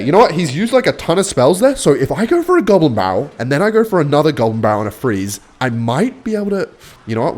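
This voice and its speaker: A young man chatting excitedly while playing a game, mixing play-by-play commentary with a story. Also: mid-range voice. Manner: excitable, chatty, swings between hype and muttering. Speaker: gaming YouTuber. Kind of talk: live gameplay commentary with storytelling.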